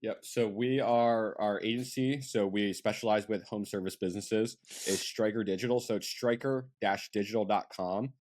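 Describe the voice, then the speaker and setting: A man's voice: lowish voice, fairly even intonation, moderate pace, few pauses, a little mellow. A man from central Pennsylvania, a marketing agency owner, chatting casually as a podcast guest with lots of fillers and asides. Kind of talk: casual interview chat.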